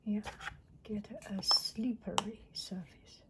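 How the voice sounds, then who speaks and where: Slow, half-whispering woman. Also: medium pitch. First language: Mandarin Chinese. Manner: soft, often half-whispered, excited exclamations. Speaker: teacher. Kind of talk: unboxing vlog. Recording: clicking noise in the background.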